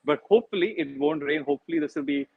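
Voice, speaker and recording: A man's voice: fairly high pitch, sing-song, quick pace, vocal fry, husky, no room sound, phone-quality sound. A man reporting live from outdoors over a video call, rambling and repeating himself. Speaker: field reporter. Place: outdoors near a cricket ground.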